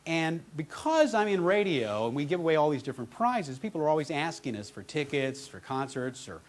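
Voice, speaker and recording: A middle-aged man giving a motivational keynote, telling a story in an animated, conversational way. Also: fairly high pitch, brisk, slight background noise. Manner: animated, conversational, lots of restarts. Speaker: motivational speaker.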